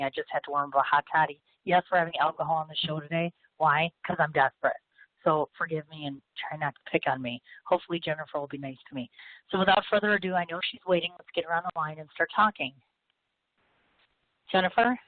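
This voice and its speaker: A hoarse woman in her thirties hosts a call-in talk show, rattling on quickly in a chatty, gushing, self-mocking way. Her voice comes through a thin phone line, dry with no room sound. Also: low voice, fairly even intonation, dry recording. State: hoarse from illness. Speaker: radio talk show host. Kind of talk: casual chat.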